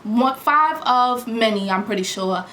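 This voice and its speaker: A young woman vlogger telling a storytime in a casual, slangy, animated way, acting out what people said. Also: fairly high pitch, a little slow. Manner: animated, slangy, acts out quotes loudly. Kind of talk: storytime vlog. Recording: echoey room with faint background hum.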